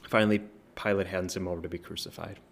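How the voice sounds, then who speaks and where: A man's voice: low voice, steady tone, quick pace, gravelly. A man speaking as a pastor, walking through a Bible passage in a loose, conversational way, full of fillers and tag questions. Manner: prays softly at the close. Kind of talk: informal Bible teaching.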